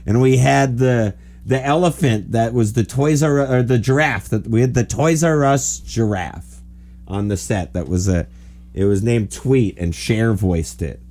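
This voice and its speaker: Speaking at a measured pace in a mid-range voice, a man in his forties hosts a podcast and spins animated, meandering anecdotes. It's a casual storytelling chat, and "like" turns up constantly.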